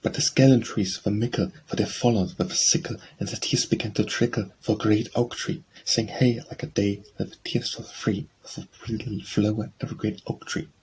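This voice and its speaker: A man reading poetry aloud for an audiobook in a measured, steady recitation. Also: lowish voice, a little hiss or hum, poor audio. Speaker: audiobook narrator.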